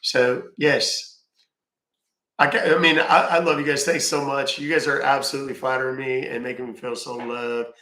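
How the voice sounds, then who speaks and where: A man's voice: medium pitch, little pitch movement, moderate pace, pushed and bright, roomy sound. A man hosting a casual live stream from home, rambling, thanking viewers by name and swearing offhand. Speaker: live-stream scambaiter host.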